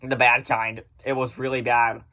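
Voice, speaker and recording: A man chatting casually in a vlog, rambling through viewer questions and swearing freely, often in fast bursts. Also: mid-range voice, flat delivery, bright, forceful tone, muffled recording. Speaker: vlogger answering viewer questions. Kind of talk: casual chat.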